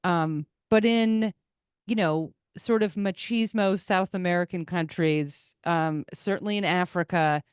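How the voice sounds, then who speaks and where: A woman hosting a podcast, telling stories in casual chat with quick asides and little voices for the people in them. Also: lowish voice, smooth, no echo, clean studio sound. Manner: animated storyteller, quick asides and put-on voices. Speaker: podcast host.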